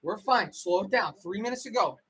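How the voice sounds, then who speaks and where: High, bright, anxious man reacting live. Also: brisk, slight background noise, low-quality recording. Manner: anxious, excitable, repeats phrases over and over. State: out of breath. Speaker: streamer hosting a hockey watch-along.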